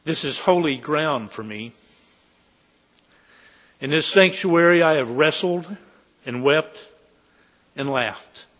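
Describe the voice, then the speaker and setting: A pastor preaching a heartfelt sermon in a church sanctuary, slow and earnest. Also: male voice, a little high, fairly bright tone, big-room sound.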